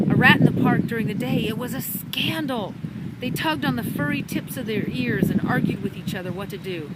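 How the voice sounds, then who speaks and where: A woman narrates a children's animal adventure with dramatic, expressive delivery. Her voice sits mid-range but swings widely in pitch. The recording was made outdoors, with park sounds and passing vehicles clearly audible. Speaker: storybook reader. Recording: outdoor park with traffic noise.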